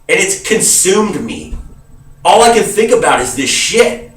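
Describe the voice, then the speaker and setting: A man's voice: sits high, big pitch swings, measured pace, fairly bright tone, distant mic. Swearing, agitated man in a roomy space. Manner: heavy swearing, emphatic, calls viewers dude. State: grieving and agitated. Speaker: vlogger. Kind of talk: emotional rant to camera. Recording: roomy sound from away from the mic.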